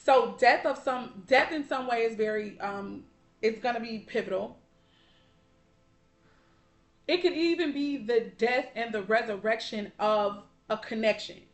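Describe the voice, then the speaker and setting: A woman's voice: fairly high pitch, moderate pace. A woman giving a casual spiritual tarot reading to her viewers. She is chatty and heartfelt, calls them y'all and baby, and swears now and then. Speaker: tarot card reader. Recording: roomy echo.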